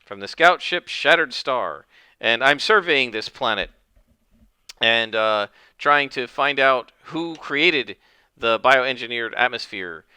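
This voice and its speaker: A man's voice: medium pitch, expressive, slow, bright, forceful tone, smooth, no room sound, exaggerated voice. A man voicing a friendly, graceful male scout pilot, chatty and eager with hesitant fillers.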